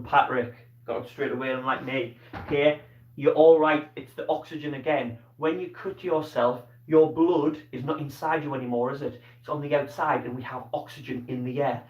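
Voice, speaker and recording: A male teacher giving a live online science lesson, asking questions and praising pupils by name. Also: medium pitch. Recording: roomy, distant, dull-toned sound.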